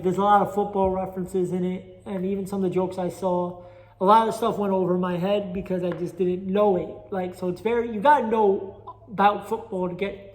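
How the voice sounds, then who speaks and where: A man hosts a solo podcast in a New York Italian accent, his voice sitting high with a darkish tone, and he rambles restlessly through a casual monologue. He also does amateur stand-up and jokes at his own expense about it. The audio is a phone recording with echoey chamber reverb.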